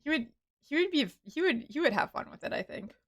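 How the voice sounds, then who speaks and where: A woman streaming a game, chatting casually and rambling with many fillers and restarts, with excited bursts and soft, muttered asides. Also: high voice, a little fast. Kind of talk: casual live-stream chatter while playing.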